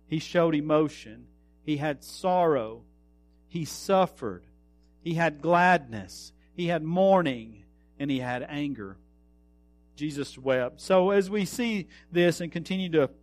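A man preaching a sermon, earnest, slowing down to stress words and trailing off softly. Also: high voice, no echo. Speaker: pastor.

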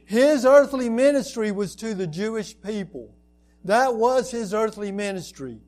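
Guy preaching a sermon, kinda high voice, slow and earnest, gets loud on the repeats. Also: expressive. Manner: earnest preaching with rising emphatic repetitions. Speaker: pastor.

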